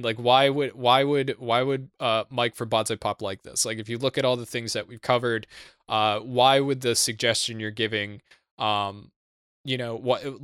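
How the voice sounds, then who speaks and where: Young male podcast host, loose and profane, full of fillers; smooth, clear voice, dry close-mic sound. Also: mid-range voice, a bit bright, no echo. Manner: rambling, profane, lots of fillers and restarts. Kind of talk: casual podcast chat.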